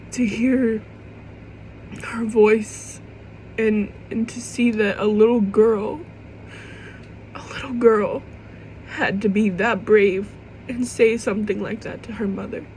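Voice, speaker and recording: A woman's voice: a little high, little pitch movement, slow, long pauses, darkish tone, a little hiss or hum, low-quality recording. A young woman vlogging to camera in an emotional personal monologue. She rambles and restarts, swears casually, and fights back tears.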